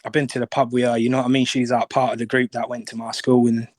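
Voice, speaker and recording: A man's voice: medium pitch, level tone, fast. A young man talks in a loose, rambling way and keeps checking in with "you know what I mean". His recording is dry, with no room echo. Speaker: caller in an audio chat room. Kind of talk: casual chat.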